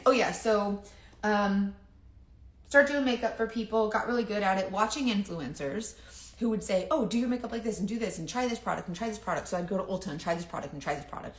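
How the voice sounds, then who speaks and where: A woman's voice: medium pitch, reverberant. A woman who chats casually while doing her makeup, rambling, confiding and often trailing off. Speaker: makeup seller and vlogger.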